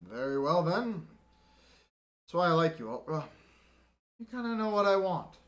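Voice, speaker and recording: A man's voice: a little high, sing-song, moderate pace, fairly bright tone, pitched above the performer's own voice. A man voicing an arrogant human lieutenant who talks down to others in a curt, condescending way.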